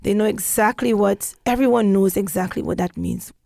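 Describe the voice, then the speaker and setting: Animated storytelling woman, gravelly voice. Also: moderate pace, dry recording. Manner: animated, acts out quotes with big pitch jumps. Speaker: podcast co-host telling a story. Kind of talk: casual storytelling chat.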